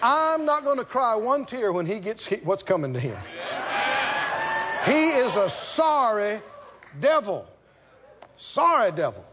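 A male preacher delivering a folksy, animated sermon, slipping into little acted-out dialogues. His voice sits very high for a man and moves a lot in pitch. The recording is muffled, with a faint hiss. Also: a little slow, long pauses.

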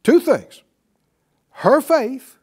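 A man's voice: extremely high pitch, sing-song, extremely slow, darkish tone, slightly rough. A man teaching a Bible class in a preaching style, repeating key words and calling on the class to answer. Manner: emphatic, repeats key words, calls for responses.

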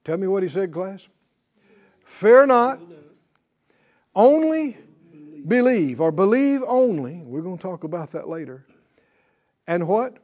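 A man's voice: sits high, lively intonation, normal speed, warm tone. A man teaching a Bible class, speaking emphatically, repeating his points and quizzing his students.

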